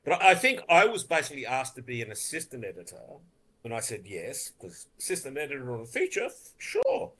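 A man's voice: mid-range voice, huge pitch swings, brisk, a bit bright, slightly rough. A man, a film editor telling rambling, laughing stories in an interview and swearing freely. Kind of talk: casual interview storytelling.

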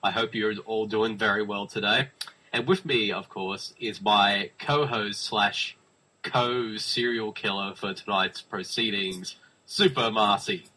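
A man's voice: lowish voice, measured pace, sharp tone, rough recording. A young man hosting a podcast, jokey and self-mocking, with a giggly manner. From Australia. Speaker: podcast host. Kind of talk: casual podcast banter.

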